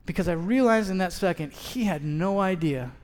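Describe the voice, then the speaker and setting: A man's voice: high voice, animated, normal speed. A man in his thirties preaching a sermon as a pastor, telling a story and acting out both sides of the conversation. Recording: long hall reverb.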